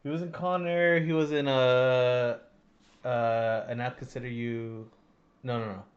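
A man's voice: mid-range voice, steady tone, unhurried, dull audio. A man co-hosting a casual podcast, tossing in blunt, crude quips. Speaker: podcast co-host. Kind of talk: casual banter.

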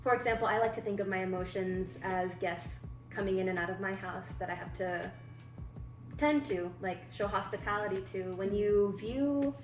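A woman guest on a podcast, a singer and poet, speaking slowly and thoughtfully. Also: medium pitch. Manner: slow, thoughtful, measured. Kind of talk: reflective interview talk. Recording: echoey room, faint music.

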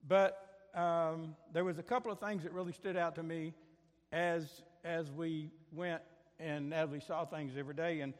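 A man's voice: a little high, fairly even intonation, normal speed, big-room sound. A man leading a prayer and preaching a sermon, telling a story in a folksy way with many fillers and restarts. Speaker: pastor. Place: church sanctuary.

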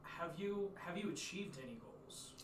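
A man's voice: high-pitched, expressive, unhurried. A man interviewing a rapper, asking easygoing questions and reacting eagerly. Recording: roomy echo, distant from mic, faint noise.

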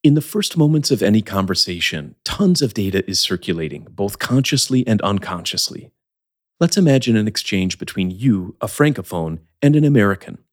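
A man teaching English as the host of a scripted podcast lesson, speaking in a clear, measured, explanatory way. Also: on the low side, lively intonation.

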